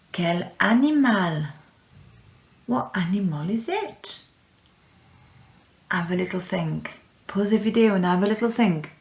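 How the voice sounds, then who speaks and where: A woman teaching French to young children in a recorded lesson, speaking clearly and encouragingly and repeating words for her pupils. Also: lowish voice, a little mellow. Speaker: primary school French teacher. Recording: echoey room.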